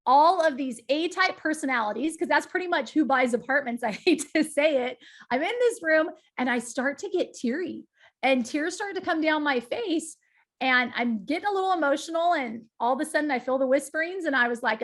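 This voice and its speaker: A woman's voice: high-pitched, a little fast. A middle-aged woman giving a talk, telling a personal story with emphatic energy and frequent asides to her listeners. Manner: lively, emphatic storytelling with direct asides to the audience. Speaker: guest speaker.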